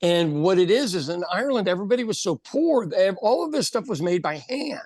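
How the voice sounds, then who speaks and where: A man's voice: high voice, big pitch swings, darkish tone, no echo, studio quality. A middle-aged man co-hosting a podcast, telling profane comedic stories in casual chat. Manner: storytelling comedian, profane, quick asides. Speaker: podcast co-host.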